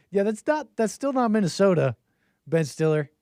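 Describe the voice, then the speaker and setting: A man's voice: high-pitched, sing-song, a little slow, darkish tone, clear, resonant tone, dry recording, studio quality. A man hosting a call-in stream in casual commentary, rambling and joking, often laughing mid-sentence. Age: adult with a child. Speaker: call-in show host.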